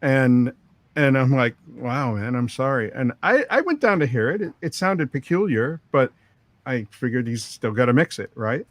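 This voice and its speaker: Brief: middle-aged male producer, anecdotal, dry mic, mid-pitched. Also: very animated, normal speed, dry recording. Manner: rambling anecdotes with quoted dialogue and laughs. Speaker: record producer, interview guest. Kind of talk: storytelling interview.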